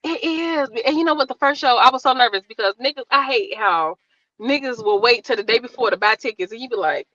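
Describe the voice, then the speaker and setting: A woman comedian with a high, bright voice, chatting as a guest on a podcast. She tells her stories in an animated, profane way. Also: a little fast, highs cut off. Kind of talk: casual podcast chat, storytelling.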